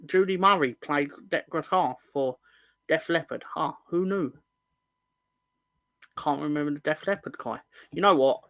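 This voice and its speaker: Male fan-show host, fairly high and gravelly, casual joking ramble with quick self-corrections. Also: a bit bright, no echo. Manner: rambling, joking, corrects himself mid-sentence. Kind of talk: casual livestream chat.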